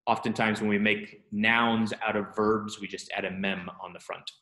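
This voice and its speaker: A man teaching a Hebrew grammar class, talking students through the exercises with relaxed, self-deprecating asides and quick questions. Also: lowish voice, echoey room. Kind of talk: classroom lesson.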